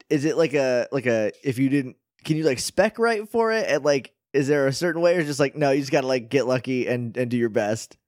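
A man's voice: mid-range voice, moderate pace, darkish tone, no room sound, clean studio sound. A man co-hosting a podcast in casual chat, reacting with short surprised interjections and asking curious questions. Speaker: podcast co-host.

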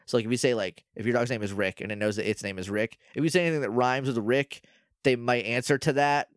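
A man co-hosting a casual podcast, recapping a TV episode in lively conversation. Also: medium pitch, quick pace, no echo, studio quality. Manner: lively, animated, acts out lines from the show. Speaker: podcast co-host.

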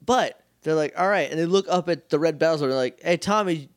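A young man co-hosting a podcast, chatting casually about a TV episode and acting out characters in quick asides. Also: a little high, dry recording, studio quality. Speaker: podcast co-host. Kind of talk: casual chat recapping a TV episode.

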